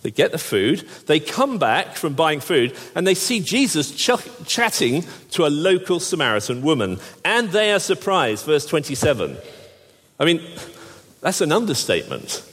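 A man's voice: fairly high pitch, sing-song, normal speed, fairly bright tone, slightly rough. A man preaching a sermon, with wry, jokey asides and frequent restarts. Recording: long hall reverb.

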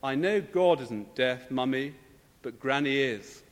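A man voicing an eager little boy who says his bedtime prayers in a loud, earnest, pleading way. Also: medium pitch, animated, slow pace, slight background noise. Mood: innocent. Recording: long church reverb.

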